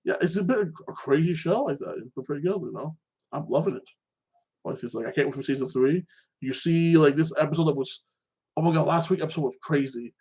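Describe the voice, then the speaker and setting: A man hosting his own show, chatting casually about TV shows and an upcoming fight, rambling and excitable, tagging "like that" onto his sentences. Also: a little high, fairly quick, slightly rough. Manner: animated, excitable. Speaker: show host.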